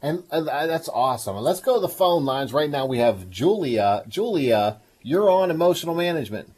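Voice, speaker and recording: A man's voice: fairly high pitch, big pitch swings, normal speed, darkish tone, breathy edge. A man hosting a call-in show on emotional well-being, coaxing a caller with encouragement and frequent laughter. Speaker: radio show host. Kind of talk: call-in counseling talk.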